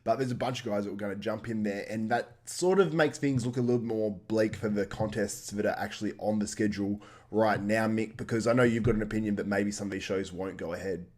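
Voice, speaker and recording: Male host, quick and chatty, lower voice, casual banter. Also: steady tone, darkish tone. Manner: chatty, laughs often. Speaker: podcast host. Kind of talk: casual chat.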